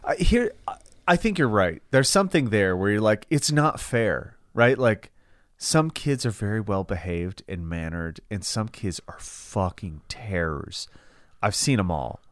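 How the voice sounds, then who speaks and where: A man's voice: fairly low pitch, animated, measured pace, no room sound, clean studio sound. A man co-hosting a podcast in casual, profane chat, telling stories with exaggerated voices. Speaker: podcast co-host.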